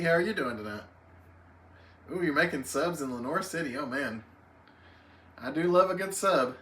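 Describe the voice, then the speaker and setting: Bright-voiced man chatting on a livestream. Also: on the high side, a little hiss or hum. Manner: friendly, reads chat names aloud, chatty. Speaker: livestream host. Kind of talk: casual livestream chat greeting viewers. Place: home, alone on a live stream.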